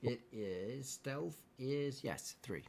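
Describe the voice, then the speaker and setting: A man running a tabletop game as game master, easygoing and a little halting as he calls for rolls. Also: medium pitch, lively intonation, creaky, darkish tone.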